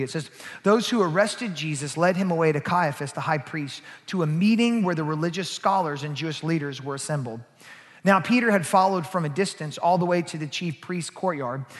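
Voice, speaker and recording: A male pastor preaching a sermon, moving from quiet asides to loud, emphatic passages. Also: fairly high pitch, long reverb tail.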